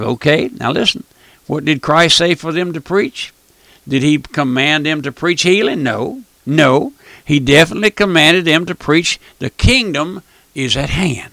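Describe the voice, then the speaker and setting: A man's voice: fairly high pitch, expressive, a little slow, creaky, a bit bright, no echo. A man preaching a fervent radio sermon, often repeating phrases and calling the listener "my friend". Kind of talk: fire-and-brimstone radio sermon.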